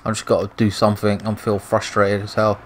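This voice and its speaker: Swearing, frustrated British gaming commentator. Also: male voice, fairly low pitch, completely flat delivery, a little fast, a little hiss or hum, rough recording. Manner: frustrated, swearing, muttering at the game. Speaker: gaming YouTuber. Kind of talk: gameplay commentary.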